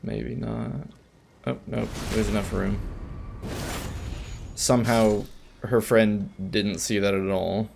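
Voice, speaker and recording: A man's voice: lowish voice, steady tone, slow, vocal fry, long pauses, background noise. A man giving casual, rambling commentary while playing a video game, with chatty asides and frequent restarts. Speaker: let's play gamer.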